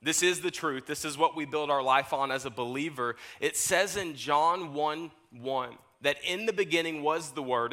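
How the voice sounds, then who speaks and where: Bright-voiced young pastor preaching. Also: male voice, on the high side, normal speed, hardly any pauses. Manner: animated storytelling, laughs at own jokes. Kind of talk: sermon. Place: church sanctuary.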